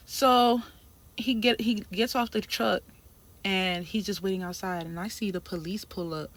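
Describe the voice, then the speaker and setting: A woman telling a story in a casual vlog, animated and emphatic, with lots of slang. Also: medium pitch, moderate pace. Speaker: trucking trainee telling a story.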